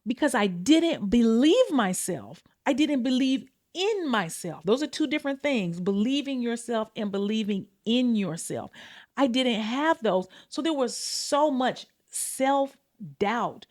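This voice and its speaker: A woman hosting her own podcast, talking casually and candidly to her listeners, swearing freely and calling them y'all. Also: a little slow. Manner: animated, pitch and pace swing widely. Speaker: podcast host. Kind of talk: casual confessional talk.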